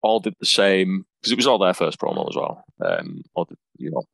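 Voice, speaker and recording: A man's voice: low-pitched, very animated, brisk, gravelly, fairly bright tone, no room sound. A man from England, a wrestler telling stories in a casual podcast interview, rambling and self-deprecating with many ums. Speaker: wrestler guest.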